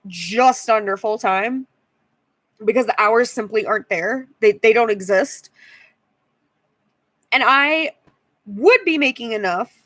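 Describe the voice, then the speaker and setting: A woman's voice: a little high, fairly bright tone, dry recording. A woman in her twenties venting in a tired, frustrated vlog rant, often repeating herself. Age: 20s. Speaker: YouTuber.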